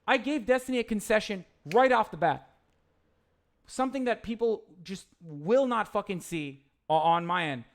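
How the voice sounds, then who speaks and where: Heated high-voiced young man streaming. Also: lively intonation, normal speed. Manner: heated, profane, rambling with restarts. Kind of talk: livestream reading chat and commenting.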